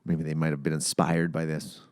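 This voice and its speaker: A man's voice: rumbling low, fairly quick, no room sound, clean studio sound. A man co-hosting a podcast in casual chat, telling stories with lots of swearing. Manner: swears freely, animated storytelling. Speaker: podcast co-host.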